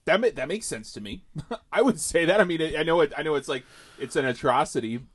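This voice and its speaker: A man's voice: on the high side, lively intonation, fast, slightly rough. A man co-hosting a podcast, casually rambling through questions about a movie and restarting his sentences. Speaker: podcast co-host.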